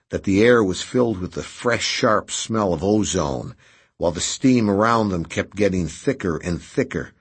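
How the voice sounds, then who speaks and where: A man reading an audiobook aloud in a steady, measured scripted narration. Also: low-pitched, slightly rough.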